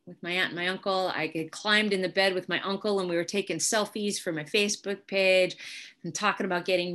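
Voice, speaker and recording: Candid woman telling a recovery story. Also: lowish voice. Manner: candid, wry storytelling with sudden quiet drops. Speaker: speaker sharing recovery story. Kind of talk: personal testimony talk.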